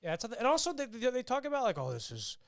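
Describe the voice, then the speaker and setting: A man's voice: extremely high pitch, wildly swooping pitch, fast, vocal fry, dry recording, clean studio sound. A young man co-hosting a podcast, chatting casually and animatedly, swearing and acting out scenes. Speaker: podcast co-host. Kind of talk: casual chat.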